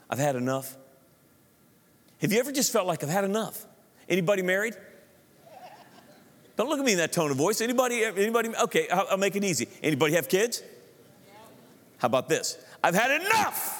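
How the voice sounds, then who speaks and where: A middle-aged pastor preaching to his congregation, in a voice a little higher than most men's. He talks animatedly, acts out his inner thoughts and keeps asking the crowd questions. The sound rings with the long reverb of a large church hall. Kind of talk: sermon.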